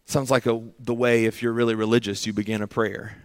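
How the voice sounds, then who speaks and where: A man's voice: lowish voice, level tone, a little fast. A man preaching a sermon, earnest and dramatic, acting out pleading prayers in short repeated phrases.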